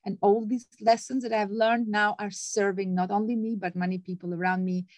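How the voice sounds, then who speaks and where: A woman's voice: level tone, brisk, no room sound. Emphatic motivational woman, dry sound. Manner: acts out quoted voices with big pitch jumps. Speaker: guest author. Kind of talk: conversational interview.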